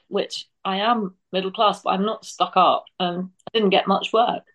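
A woman's voice: mid-range voice, fairly even intonation, normal speed, a bit bright, rough recording. Brief: female actress panelist from England, frank, restarts often. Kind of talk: casual chat.

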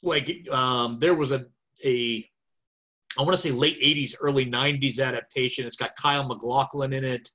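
A man's voice: medium pitch, steady tone, normal speed, bright, forceful tone. A man chatting on a podcast over a video call, talkative and thinking aloud with many fillers. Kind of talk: casual chat.

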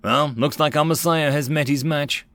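A man voicing a blunt, proud, hard-edged soldier in an audiobook, speaking a little higher than his narration. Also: fairly even intonation, normal speed, a bit bright, no room sound, lightly acted.

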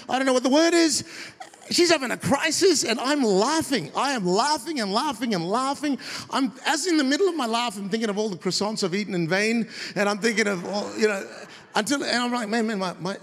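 A high-voiced man preaching a lively, story-filled sermon, breaking into a high shout when he plays the people in his stories. His voice carries through a church auditorium with a long reverb. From of Indian heritage. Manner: animated, acts out quoted voices in a high shout. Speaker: guest preacher.

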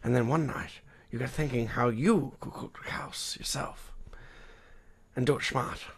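Man doing a gravelly hard-boiled noir narrator. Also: medium pitch, unhurried. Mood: brooding. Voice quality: gravelly, spoken through the teeth, mock-theatrical. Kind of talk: film noir voiceover impression.

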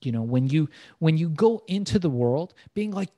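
A man's voice: on the high side, animated, moderate pace, few pauses, dark tone, no room sound. Brash, profane man telling stories. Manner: brash storytelling, heavy swearing. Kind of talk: casual conversation.

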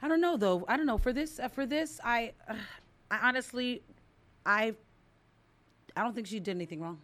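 A woman co-hosting a podcast, chatting casually with a relaxed manner. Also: on the high side, normal speed, background noise. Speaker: podcast co-host. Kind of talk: casual chat.

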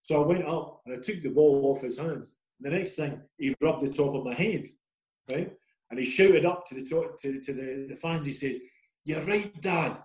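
Scottish male, middle-aged, ex-player guest, rambling anecdotal storyteller, mid pitch, roomy echoey recording. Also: moderate pace, darkish tone. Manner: rambling, self-deprecating storyteller. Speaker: former footballer guest. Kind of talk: casual anecdotal interview.

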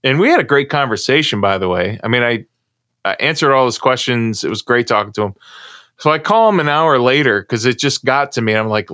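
A man's voice: medium pitch, expressive, fairly quick, fairly bright tone, no echo. American guy rambling thru a story on a podcast, lots of restarts, dry close mic. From United States. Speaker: co-host. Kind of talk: casual podcast chat.

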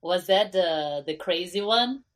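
A woman's voice: on the low side, animated, unhurried. A woman from Brazil, a podcast co-host who listens with encouragement and asks follow-up questions in casual chat.

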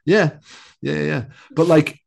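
A married man co-hosting a casual podcast chat, thinking aloud about scripture with many restarts and animated asides. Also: a little high, a little slow, creaky. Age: adult, married. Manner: rambling, self-interrupting, animated. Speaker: podcast co-host.

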